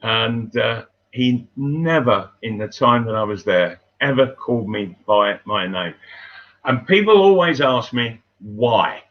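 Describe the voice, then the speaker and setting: An older man, a former footballer, telling stories in casual chat, unhurried and halting, with many fillers and restarts. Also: medium pitch, expressive. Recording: dull lo-fi sound.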